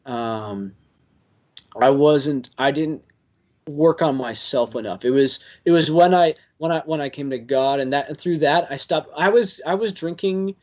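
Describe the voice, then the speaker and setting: A young man, a podcast guest, telling stories in a rambling, animated way full of fillers. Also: fairly high pitch. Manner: rambling, filler-heavy, animated with quick bursts. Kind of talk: casual storytelling chat.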